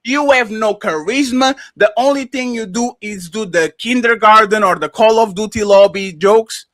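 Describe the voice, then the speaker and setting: Brief: high, bright male panel host, emphatic and animated, dry close mic. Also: moderate pace, dry recording. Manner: animated, emphatic, breaks into mocking impressions. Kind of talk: casual opinion talk. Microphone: streaming microphone.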